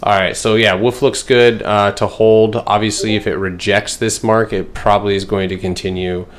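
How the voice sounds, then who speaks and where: A man's voice: on the low side, flat delivery, moderate pace. A man hosting a casual trading livestream, going through charts in a loose, filler-heavy way and answering his chat. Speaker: stock trading streamer.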